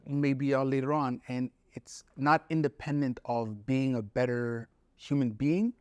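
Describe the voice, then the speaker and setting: A man's voice: mid-range voice, fairly even intonation, a little slow, a little mellow, no room sound. A man, a poet and the guest, telling stories from his life in an earnest, reflective way and voicing other people's words as he goes. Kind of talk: reflective storytelling in conversation.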